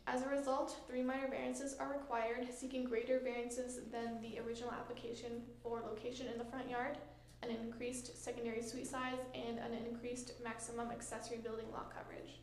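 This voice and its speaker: A woman planner reads a staff report in a fairly high, very even voice. She is measured and procedural. The sound is echoey, like a council chamber, with faint background noise. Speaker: municipal planner presenting a report. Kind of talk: formal reading of a staff report.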